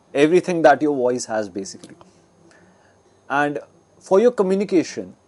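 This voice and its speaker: A man's voice: medium pitch, a little mellow. A man as a guest speaker, explaining communication skills in an educational talk, demonstrating with his own voice. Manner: explanatory, with frequent fillers and restarts.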